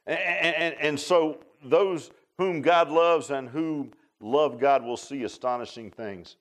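A man preaching a sermon in a folksy storytelling way, swinging between loud exclaims and low asides. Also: slow.

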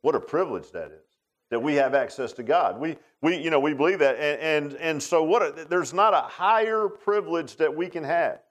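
A man's voice: on the high side, expressive, normal speed, dull audio. A pastor preaching a Father's Day sermon in a folksy, conversational way, often turning to the congregation with rhetorical questions.

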